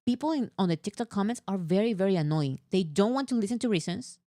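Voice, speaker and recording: A woman co-hosting a casual fan chat, talking in an animated, exasperated way with lots of fillers. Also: mid-range voice, fast talker, dry recording, studio quality. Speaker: co-host.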